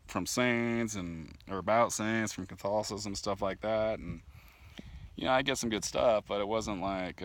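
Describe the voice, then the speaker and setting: Outdoors and talking into his camera's mic, a deep-voiced man shares the story of his spiritual journey as a vlogger's testimony. The casual storytelling rambles with fillers and restarts, he laughs a lot, and he gets animated whenever something annoys him.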